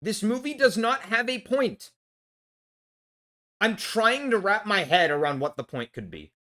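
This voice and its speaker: Angry swearing movie-review vlogger, lively pitch. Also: a little slow. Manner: angry, heavy swearing, blunt; restarts when worked up. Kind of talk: casual film review rant.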